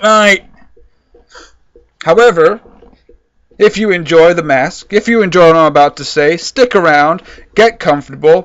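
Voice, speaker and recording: High-voiced man in a sarcastic football rant. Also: fairly bright tone, no echo, muffled recording. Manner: sarcastic, swearing, ranting. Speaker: football fan video creator. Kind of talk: raw match reaction rant.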